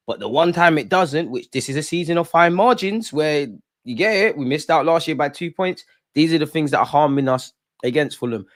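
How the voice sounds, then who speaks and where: A man's voice: on the high side, no echo, clean studio sound. Opinionated man chatting football. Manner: casual, opinionated, rambling with slang. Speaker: football fan channel host. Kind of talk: live match watch-along chat.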